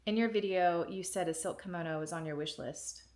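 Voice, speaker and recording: A woman vlogger unboxing a package in a casual, excited way, gushing and close to tears. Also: on the low side, a little fast.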